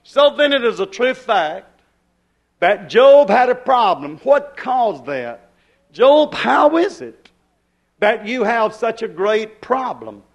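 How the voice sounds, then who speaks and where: A man's voice: very high voice, big pitch swings, slow pace, muffled recording. A man preaching a sermon, hollering at times and driving his points home with emphatic repeated questions.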